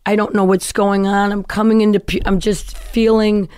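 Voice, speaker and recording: A middle-aged woman being interviewed, telling her life story in a lively way and acting out the people she quotes. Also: mid-range voice, moderate pace, clear, resonant tone, no room sound. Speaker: guest.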